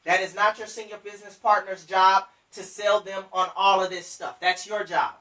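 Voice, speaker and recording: A bright, forceful coaching voice that drives each point home, repeating and speaking straight to the audience. The voice sits back from the mic, and the room around it rings with echo. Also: medium pitch, little pitch movement, moderate pace, recorded from a distance. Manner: emphatic, repetitive, coaching directly to listeners. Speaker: business trainer. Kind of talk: motivational sales coaching.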